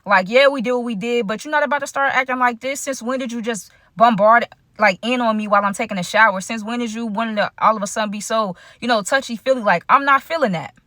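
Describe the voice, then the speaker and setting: Bright, chatty woman telling a story. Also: a little high, fast, hardly any pauses, no echo, clean studio sound. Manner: chatty, addresses viewers directly; slangy, frequent fillers. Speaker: storytime vlogger. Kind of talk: casual storytime vlog.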